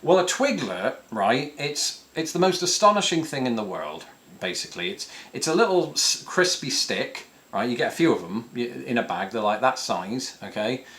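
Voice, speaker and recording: A man answers viewer questions in a loose, conversational way. His voice sits at an ordinary pitch. He wanders off on tangents, corrects himself mid-sentence and pokes fun at himself. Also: sing-song, normal speed, fairly bright tone. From northern England. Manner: rambling, self-deprecating, lots of fillers and restarts. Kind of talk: casual chat. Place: home, with a cat nearby.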